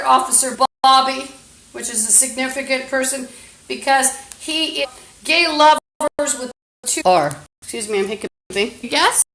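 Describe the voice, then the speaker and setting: A woman's voice: on the high side, bright, forceful tone, rough recording. A woman talking into a phone or camera mic in a rambling, agitated, profane livestream monologue full of fillers.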